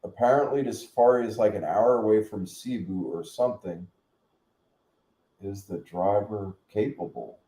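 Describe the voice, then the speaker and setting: A man hosting a casual live-stream chat, joking and slangy with loud whoops. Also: on the low side, moderate pace, roomy sound. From United States. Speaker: vlog live stream host.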